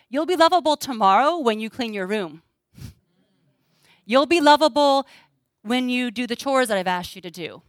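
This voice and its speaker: A woman's voice: medium pitch, fairly bright tone, smooth, no room sound. A middle-aged woman speaking earnestly to an audience, sharing personal stories and acting out dialogue. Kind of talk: talk to a live audience.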